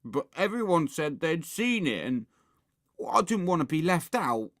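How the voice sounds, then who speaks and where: A woman's voice: sits low, big pitch swings, a little slow, dry recording, clean studio sound, voice pushed up. A woman voicing a rude schoolboy in a storybook reading, sounding sheepish and mumbling.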